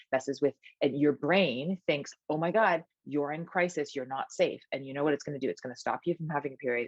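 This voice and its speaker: A woman's voice: rumbling low, a little mellow, no room sound, dull audio. A woman personal trainer talking energetically as a podcast guest, emphatic and full of "like" fillers and restarts. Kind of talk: conversational podcast interview.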